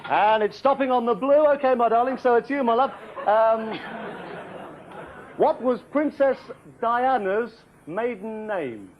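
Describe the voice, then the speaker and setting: An actor playing a flustered, chummy British quiz show host who calls contestants "my darling" and keeps apologising. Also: male voice, very high-pitched, measured pace, crowd noise. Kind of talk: sketch comedy parody. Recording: lo-fi old TV tape with loud studio audience and noise. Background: loud studio audience.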